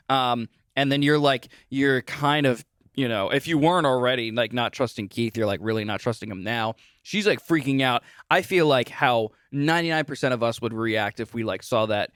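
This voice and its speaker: A man's voice: mid-range voice, moderate pace, dry recording, clean studio sound. A young man co-hosting a podcast, casually retelling a horror film and acting out quoted lines. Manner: animated retelling with quoted voices. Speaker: podcast co-host. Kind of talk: casual movie review chat.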